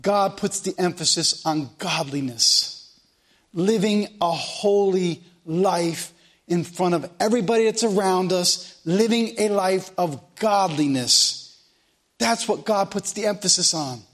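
High-voiced folksy preacher man. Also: a little slow, a bit bright. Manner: folksy, repeats phrases for emphasis. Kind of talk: sermon.

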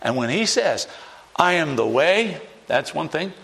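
Pastor, male, lightly raised pitch; emphatic sermon delivery with sharp swings in pitch and volume. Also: very animated, unhurried, creaky. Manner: emphatic preaching with wide swings of pitch and loudness; acts out doubters in a mocking higher voice.

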